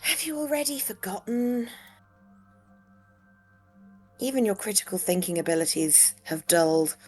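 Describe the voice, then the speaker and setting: A woman voicing a dry, sarcastic female AI partner, reading game dialogue aloud in a deadpan way. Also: mid-range voice, fairly quick, soft background music, close to an everyday voice. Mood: teasing. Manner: deadpan, teasing.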